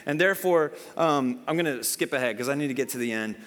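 A man's voice: mid-range voice, fast talker. Man preaching in an echoing church hall. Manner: conversational, animated storytelling with acted-out dialogue. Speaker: pastor. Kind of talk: sermon. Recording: long hall reverb.

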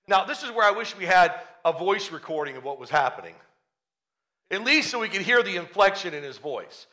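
A male preacher telling a Bible story in an animated sermon, often acting out its characters. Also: high-pitched, fairly quick.

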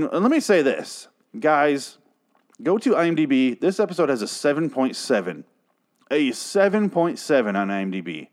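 Annoyed guy ranting on his podcast, cussing, sarcastic and fed up. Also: mid-range voice. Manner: profane, exasperated, sarcastic. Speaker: podcast host reviewing a TV show. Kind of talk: ranting solo podcast review.

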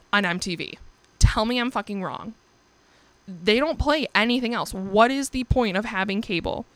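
A woman's voice: medium pitch, vocal fry, a bit bright, no echo. A young woman hosting her own podcast, chatting casually and candidly, swearing freely and laughing often. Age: young adult. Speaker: podcast host. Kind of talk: casual solo podcast chat.

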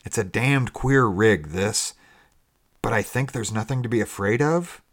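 A man voicing a gruff but kind fisherman who talks bluntly and roughly. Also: on the low side, unhurried.

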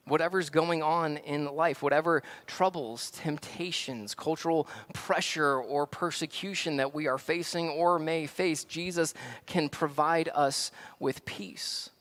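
A man preaching a conversational sermon as pastor, swinging from hushed reflection to loud, excited acted-out scenes. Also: a little high, unhurried.

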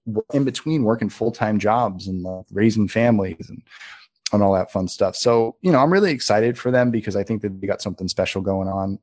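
Chatty low-voiced man telling set stories. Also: dry recording, clean studio sound. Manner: animated, chatty, lots of filler words. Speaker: filmmaker guest. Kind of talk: casual storytelling interview.

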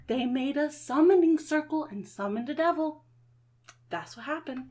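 A woman voicing a chatty, superstitious dwarf woman in a tabletop game, talking in a hushed, conspiratorial way. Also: sits high, animated, moderate pace, voice pushed up. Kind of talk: tabletop role-play.

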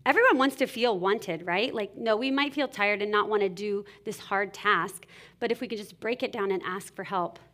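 A woman in her thirties giving a casual, animated sermon-style talk on parenting, full of "like" and acted-out parent lines. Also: mid-range voice, normal speed. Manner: casual, animated, many "like"s, acts out scolding parent voices. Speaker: speaker at a church parenting talk.

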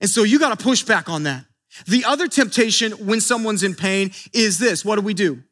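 A man's voice: high voice, lively intonation, brisk, fairly bright tone. A man preaching a sermon in an earnest way, often repeating words as he builds emphasis. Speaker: pastor.

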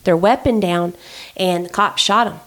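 A woman telling a story in casual chat, animated and indignant, with many fillers. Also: on the low side, moderate pace.

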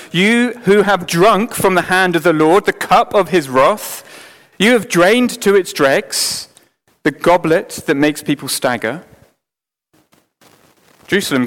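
A man preaching a sermon in an earnest, emphatic way, sometimes dropping suddenly to a quiet voice. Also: fairly high pitch. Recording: long hall reverb.

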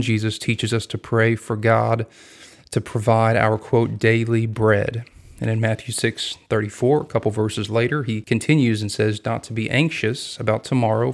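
A man hosting a daily podcast, reading scripture and explaining it in a measured, earnest way. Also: fairly low pitch. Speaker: podcast host and Bible teacher. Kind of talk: scripted devotional Bible teaching.

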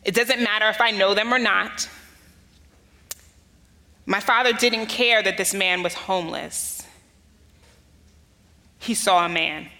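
A woman's voice: mid-range voice, slow, long pauses, pushed and bright. A woman pastor from the United States preaching a sermon, telling a personal story with earnest emphasis. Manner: earnest storytelling, rising emphasis on key phrases. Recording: long hall reverb.

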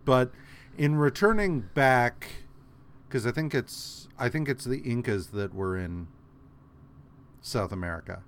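A man's voice: mid-range voice, animated, unhurried, pauses often, a little hiss or hum. A man co-hosting a podcast, retelling a comic story in casual chat with many fillers and restarts. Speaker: podcast co-host.

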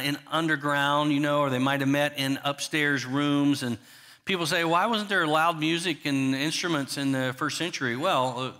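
Male pastor, bright and somewhat high, conversational sermon that questions the congregation. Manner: frequent restarts and "you know" asides.

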